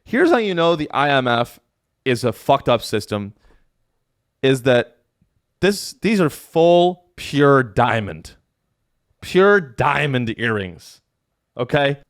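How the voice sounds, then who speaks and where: A man's voice: medium pitch, very animated, slow, pauses often, dry recording, studio quality. A man hosting a podcast, in crude, joking casual chat that rambles and trails off into fillers. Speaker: podcast host.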